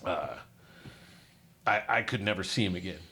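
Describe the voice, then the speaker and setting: A man's voice: fairly high pitch, moderate pace. A middle-aged man, a podcast guest, earnestly and casually telling a personal story from his life. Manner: earnest, casual, often says "dude".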